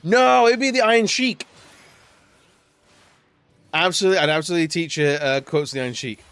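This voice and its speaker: A man's voice: fairly high pitch, fairly quick, fairly bright tone, clear, resonant tone, dry recording, faint music behind. A man chatting casually during a live stream, rambling and laughing often between remarks. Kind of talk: casual live-stream chat while gaming.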